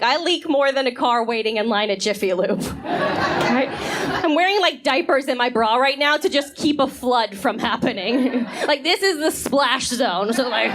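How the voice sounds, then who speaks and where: A woman's voice: high-pitched, noisy background. A woman in her thirties doing a stand-up comedy set on a club stage, chatty and self-deprecating, acting out bits, on a handheld mic. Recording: live stage recording, loud audience.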